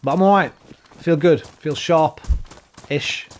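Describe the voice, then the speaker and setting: A man's voice: fairly high pitch, takes it slowly, a little hiss or hum. Chatty, tired Englishman streaming a game. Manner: chatty, rambling, swears casually. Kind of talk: casual live-stream chat while gaming.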